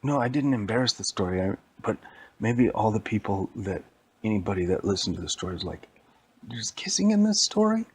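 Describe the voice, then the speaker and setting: A man's voice: lowish voice, fairly quick, slightly rough. A man improvising a bedtime story at home, rambling and correcting himself as he goes. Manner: rambling, self-correcting, animated. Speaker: parent telling a bedtime story.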